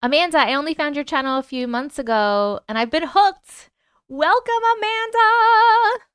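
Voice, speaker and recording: A woman's voice: sits high, lively intonation, normal speed, no echo, studio quality. A woman with a New York accent hosting a casual live stream, chatting and reading viewer comments aloud.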